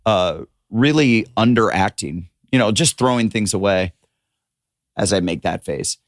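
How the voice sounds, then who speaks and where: A man on a podcast as a comedian guest, telling stories in a lively, profane, casual way. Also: on the low side, measured pace, no echo, studio quality. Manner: animated, profane storyteller.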